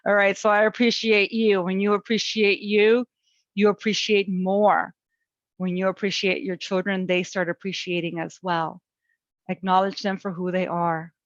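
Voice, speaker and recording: A woman's voice: medium pitch, little pitch movement, normal speed, dry recording, lo-fi sound. A woman presenting an online webinar on parenting and resilience, talking in an encouraging, chatty way with many fillers.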